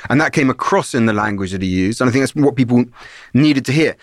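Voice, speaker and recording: A man's voice: mid-range voice, lively intonation, fast talker, dry recording. A middle-aged man talks through ideas on a podcast in an analytical, explaining way. His voice sits in an ordinary middle register. The sound is close and dry, with no room around it. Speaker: podcast co-host. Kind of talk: conversational history podcast.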